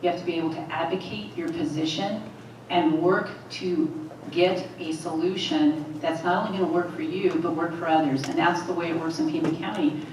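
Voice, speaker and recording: A low-pitched woman candidate gives a measured forum answer, stacking repeated phrases for emphasis. Her voice sits well back from the microphone and rings through a large hall. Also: steady tone, noisy background. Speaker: political candidate. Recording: echoey hall, voice from far off.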